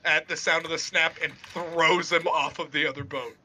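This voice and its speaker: A man narrating as dungeon master in a casual online tabletop game, laughing often and shouting lines for the crew he plays. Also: fairly high pitch, fairly even intonation, normal speed, a little hiss or hum.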